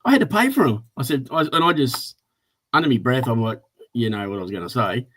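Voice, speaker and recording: A man's voice: medium pitch, fast talker. Blokey Australian man telling a yarn. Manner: blokey, animated storyteller. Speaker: co-host. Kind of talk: casual storytelling chat.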